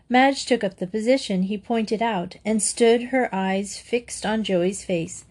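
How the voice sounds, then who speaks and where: A woman reading a classic children's novel aloud in measured, steady narration. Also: medium pitch. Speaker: audiobook reader. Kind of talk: scripted narration.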